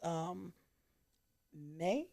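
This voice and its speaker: A woman's voice: fairly low pitch, lively intonation, very slow, gravelly, dark tone. A woman, a guest on an interview show, telling stories animatedly and laughing often. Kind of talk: casual interview chat.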